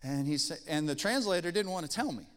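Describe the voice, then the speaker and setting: A man preaching a sermon, telling a story in a folksy, animated way. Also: on the high side, quick pace, big-room sound. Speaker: pastor.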